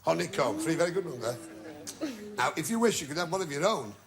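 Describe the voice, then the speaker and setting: A man hosting a TV game show with wisecracking jokes and drawn-out asides to the audience. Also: on the high side, lively intonation, gravelly, a crowd in the background. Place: TV studio with a live audience. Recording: loud studio audience and noise from an old TV broadcast.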